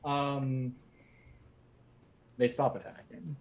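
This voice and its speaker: A man's voice: mid-range voice, level tone, very slow, soft background music. A man narrating as game master in a loose, laughing way.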